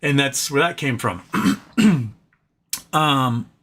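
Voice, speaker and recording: Bright-voiced fast-talking male streamer. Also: medium pitch. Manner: fast talker with many fillers and restarts. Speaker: livestream host. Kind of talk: casual live-stream chat.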